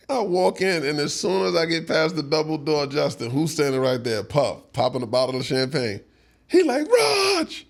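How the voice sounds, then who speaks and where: A man's voice: fairly high pitch, moderate pace, vocal fry. A middle-aged man, a songwriter guest in a casual interview, telling a story with lots of laughs and acted-out quotes. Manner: animated storyteller who acts out quotes, laughs often.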